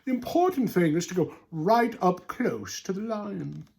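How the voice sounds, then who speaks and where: Brief: sly grinning jungle animals, high flattering coax, man reading aloud. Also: unhurried, gravelly, breathy edge, full character voice. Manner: sly, coaxing. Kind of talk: storybook read-aloud.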